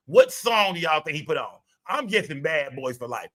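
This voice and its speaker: A man hosting a livestream, loud and profane, reacting to his chat in casual commentary. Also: on the high side, very animated, moderate pace, few pauses. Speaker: livestream host.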